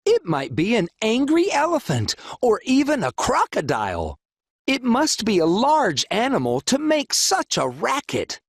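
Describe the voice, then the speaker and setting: A man voicing a tiny, frightened, polite male mouse with a squeaky voice in a recorded storybook reading. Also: wildly swooping pitch, measured pace, slightly rough, no echo, studio quality, exaggerated voice. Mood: pleading.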